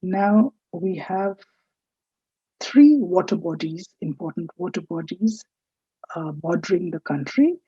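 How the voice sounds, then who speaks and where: A woman teaches a recorded French lesson at an unhurried pace, pausing to correct how words are pronounced. Her voice is deep and husky. The recording is dry and dull. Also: lively intonation, dark tone, no echo. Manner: explanatory, corrects pronunciation. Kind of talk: recorded online lecture.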